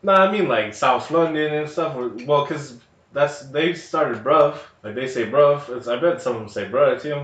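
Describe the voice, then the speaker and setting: A man's voice: a little high, normal speed, fairly bright tone. Rambling nasal man in a roomy room. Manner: rambling, laughs often, many fillers. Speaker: podcast co-host. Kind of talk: casual movie podcast banter. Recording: roomy, distant, dull home recording.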